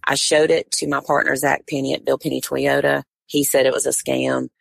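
Low, gravelly-voiced woman telling a story. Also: a little fast, no echo. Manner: animated storyteller, acts out what others said. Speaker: tournament director, podcast guest. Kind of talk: storytelling in casual conversation.

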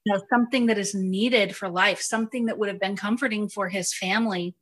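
A woman's voice: mid-range voice, fairly even intonation, a little fast, fairly bright tone. A woman in her thirties co-hosting a podcast, chatting casually with frequent fillers and laughs. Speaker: podcast co-host. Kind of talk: casual chat.

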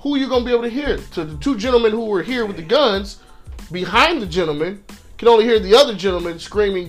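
High-voiced man arguing passionately. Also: lively intonation, fast, soft background music. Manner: impassioned, acts out quotes of police and victims; profane, repeats words when restarting. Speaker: podcast co-host. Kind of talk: casual discussion.

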